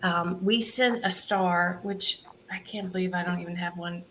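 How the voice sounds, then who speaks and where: A woman in an interview telling her charity's story in an animated way, laughing often and quoting what others said. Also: on the low side, moderate pace, slight background noise. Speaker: charity founder guest.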